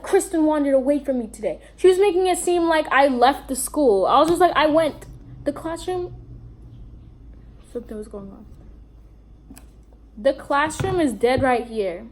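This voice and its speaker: A woman's voice: high-pitched, darkish tone. A young woman with a New York accent telling a rambling storytime vlog, full of fillers and asides. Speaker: vlogger.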